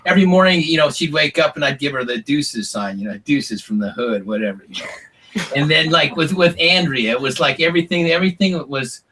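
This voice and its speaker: A man's voice: fairly high pitch, a little fast, bright, forceful tone, slight background noise, rough recording. A man telling long stories as an interview guest, rambling with lots of "like" and "you know". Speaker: interview guest, former reality show contestant. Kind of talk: casual interview storytelling.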